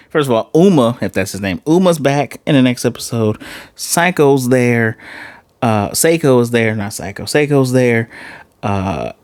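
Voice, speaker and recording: A man casually recapping and reviewing an anime episode, excitable and animated, often jumping into high-pitched voices to retell scenes. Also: unhurried, dry recording, clean studio sound. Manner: excitable, laughing reactions, restarts.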